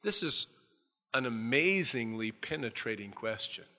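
A male preacher delivers a sermon in a bright, forceful voice. He tells the story with animated energy and breaks into acted-out scenes. A long hall reverb hangs on every phrase. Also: medium pitch, unhurried.

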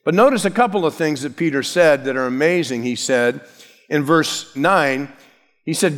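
A man's voice: fairly high pitch, animated, normal speed, fairly bright tone, long reverb tail. A man preaching an expository sermon as pastor, emphatic, stressing key words and shifting his pace.

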